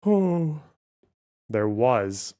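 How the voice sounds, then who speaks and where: A man's voice: mid-range voice, big pitch swings, very slow, mellow, clear, resonant tone. A man hosting a live stream, commenting on news in a casual, profane, sardonic way and thinking aloud. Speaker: streamer host.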